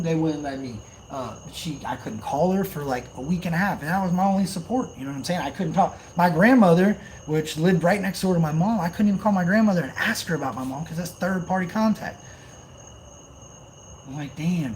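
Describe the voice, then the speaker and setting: A young man, telling stories on a live stream in an animated, profane way with loud outbursts. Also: fairly high pitch. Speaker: channel host on a live stream. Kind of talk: casual storytelling on a live stream. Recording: faint insect and cricket noise behind.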